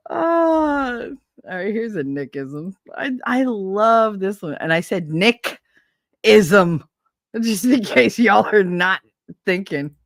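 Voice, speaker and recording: A woman's voice: medium pitch, expressive, slow pace, no echo, studio quality. A woman hosting a live stream in casual chat, telling profane stories and laughing often. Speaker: streamer host.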